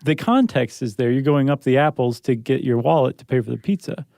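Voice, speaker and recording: A man's voice: mid-range voice, brisk, gravelly, mellow, dry recording, studio quality. Joking American man co-hosting a podcast. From United States. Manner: playful, jokey, laughs often. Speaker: podcast co-host. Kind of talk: casual chat.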